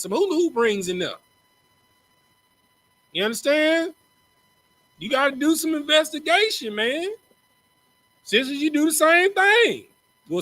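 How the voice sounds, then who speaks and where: With no echo but poor audio quality, this extremely high, pushed, bright male voice belongs to a Texan teaching a religious group class. His casual preaching lecture is slangy and jokey, and he often repeats words as a line begins.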